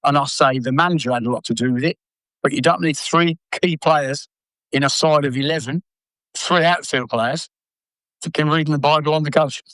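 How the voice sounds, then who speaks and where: An older former footballer telling blunt, sweary stories in an interview. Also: male voice, fairly high pitch, moderate pace, no echo, low-quality recording. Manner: blunt, sweary, animated anecdotes. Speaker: former footballer and manager, guest. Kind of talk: casual storytelling interview.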